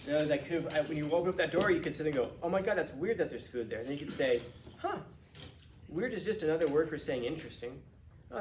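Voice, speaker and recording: A male teacher tells a rambling, lively story to his students, full of restarts and chuckles. His voice sits a bit high. The room is echoey, with a faint hiss underneath. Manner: casual, animated storytelling with restarts and laughs. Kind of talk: classroom storytelling lecture. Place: classroom.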